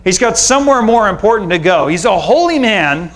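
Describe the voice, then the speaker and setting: Brusque bossy disciple guy waving folks off, man doing it in a sermon, high voice. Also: big pitch swings, a little fast, fairly bright tone. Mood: dismissive. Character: brusque male disciple shooing parents away.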